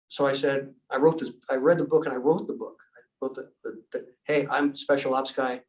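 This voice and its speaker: A man's voice: mid-range voice, fast talker, far from the mic, rough recording. A middle-aged man, a pastor and former military rescue specialist, telling stories in an interview and acting out the voices he quotes. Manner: animated storyteller, acts out quoted voices. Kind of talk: storytelling in an interview.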